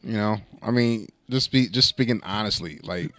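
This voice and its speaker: A man's voice: lowish voice, normal speed, fairly bright tone, dry recording. A man co-hosting a podcast in casual banter, stammering and repeating words as he runs a mock-serious bit. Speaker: podcast co-host.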